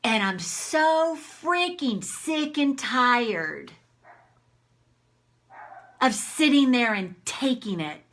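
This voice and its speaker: A woman acting out a furious woman who vents long-suppressed rage, with loud, shouting bursts. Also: a little high, animated, extremely slow, long pauses, heavily acted.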